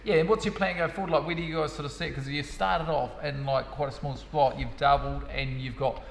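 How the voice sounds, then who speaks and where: Kiwi guy chatting quick and laid-back, slightly high voice, echoey gym hall. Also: steady tone, creaky, slight background noise. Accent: New Zealand. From New Zealand. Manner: laid-back, laughs a lot, slangy. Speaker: host. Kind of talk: casual interview.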